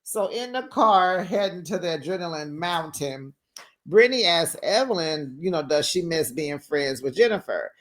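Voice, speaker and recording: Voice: medium pitch, animated, normal speed. A host recapping a reality show in casual gossip commentary, sassy and chatty, laughing often and talking straight to viewers.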